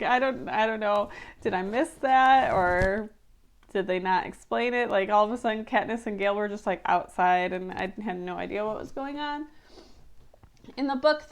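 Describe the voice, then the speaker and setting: Animated chatty woman vlogger, slightly high. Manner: animated, exasperated, chatty with many fillers. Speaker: book-to-movie review vlogger. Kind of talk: casual on-camera commentary.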